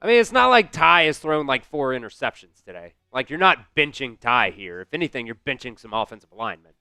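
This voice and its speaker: Very animated and a little fast, a man with a medium-pitched, bright, forceful and smooth voice hosts a live football watch-along. He calls plays, vents at his team, swears, and talks back to the chat in casual live-stream commentary. The recording is dry, with faint music behind.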